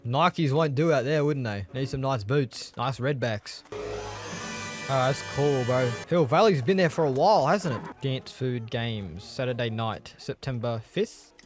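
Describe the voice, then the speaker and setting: Lively, foul-mouthed man reacting to a film. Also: mid-range voice, measured pace, over music. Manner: swears freely, thinks aloud, calls viewers bro. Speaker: movie reaction host. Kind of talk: casual reaction commentary.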